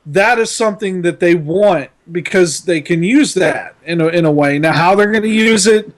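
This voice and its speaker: A man's voice: high-pitched, moderate pace. A man co-hosting a podcast, chatting in a laid-back way, often laughing and repeating words. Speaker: podcast co-host. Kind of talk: casual chat.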